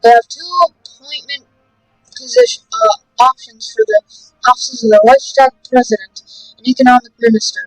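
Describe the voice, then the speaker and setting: A woman with a high voice hosts a let's play, reading game text aloud and adding jokey asides. The recording is close and dry. Faint music plays beneath her. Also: very animated, normal speed, no room sound, rough recording. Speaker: gaming video host.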